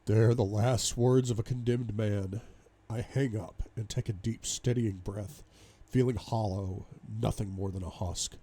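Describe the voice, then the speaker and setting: A man reading a novel aloud in first person, dramatic, moving between hushed despair and loud outbursts. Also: lowish voice, fairly even intonation, unhurried, few pauses. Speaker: audiobook reader.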